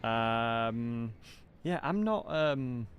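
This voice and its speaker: A man's voice: mid-range voice, lively intonation, drawn-out words, muffled recording, slight background noise. Chatty English man streaming a game. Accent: English, non-southern. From England. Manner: chatty, greets chat viewers by name. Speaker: gaming livestreamer. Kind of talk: casual live-stream commentary.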